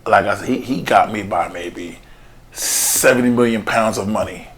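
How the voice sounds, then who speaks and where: A man's voice: fairly low pitch, moderate pace, a bit bright. A man hosting a casual interview, blunt and opinionated, with playful wordplay.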